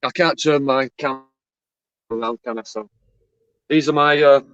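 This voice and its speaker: A man with a Northwest England accent, chatting as a guest gardener on a video call, deadpan and halting with restarts. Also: mid-range voice, clean tone, dry recording, muffled recording. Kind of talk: casual chat.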